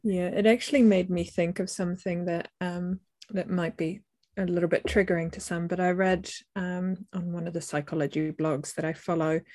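A woman co-hosting a parenting talk, speaking in a thoughtful, measured, reflective way. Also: lowish voice, darkish tone. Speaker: parenting podcast co-host. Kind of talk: casual discussion.

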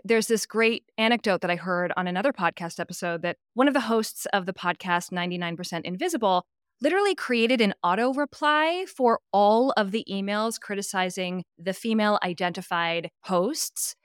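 A woman from California, a voice coach talking in a podcast interview, expressive and emphatic, often adding "right?" asides. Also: medium pitch, clean tone, no room sound, clean studio sound.

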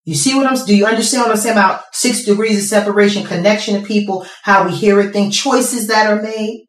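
A middle-aged woman preaching a sermon with passion, swinging from quiet to shouting. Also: medium pitch, fairly quick. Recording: echoey hall from far off.

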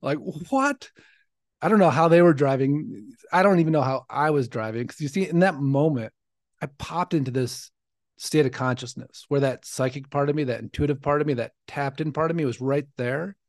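A man's voice: fairly high pitch, brisk, no room sound, studio quality. A man in his forties, hosting a podcast, telling his life story in an earnest, reflective way. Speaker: podcast host. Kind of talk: personal storytelling monologue.

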